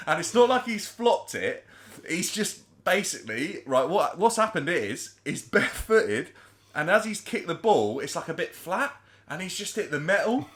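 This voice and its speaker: A man, co-hosting a podcast and telling a story in an animated, chatty way. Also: high voice, moderate pace. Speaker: podcast co-host. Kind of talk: casual storytelling chat.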